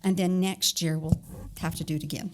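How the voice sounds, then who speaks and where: Low-voiced woman explaining at a council meeting. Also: fairly even intonation, fairly quick, darkish tone. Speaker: city staff member. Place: council chamber.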